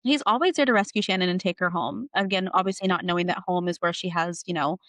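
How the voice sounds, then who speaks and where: A woman co-hosting a book podcast, retelling scenes quickly and fondly in casual chat. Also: fairly low pitch, a bit bright, dry recording.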